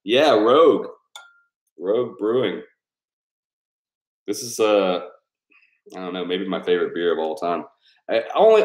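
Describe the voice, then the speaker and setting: A man with a lowish voice chats casually with his supporters. He rambles, swears freely and laughs a lot. The room around him rings with a noticeable echo. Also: a little mellow. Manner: loose, profane and rambling, laughing often. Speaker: YouTube creator thanking patrons. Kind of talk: casual live chat with supporters.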